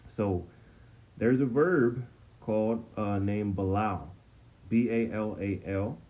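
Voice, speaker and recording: A man's voice: fairly low pitch, slow. A man teaching a casual Bible study lesson, talking conversationally and checking in with "okay?" after nearly every point. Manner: conversational, frequent "okay?" check-ins, repeats himself. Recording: dull, slightly lo-fi sound with faint noise.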